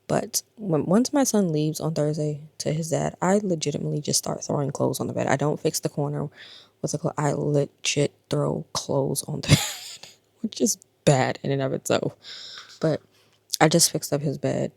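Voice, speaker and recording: Low, gravelly, worn-out woman vlogger. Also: steady tone, normal speed, a little mellow, dry recording. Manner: tired, subdued and confiding, drifting into breathy whispers. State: exhausted and in pain. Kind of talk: casual personal vlog talk.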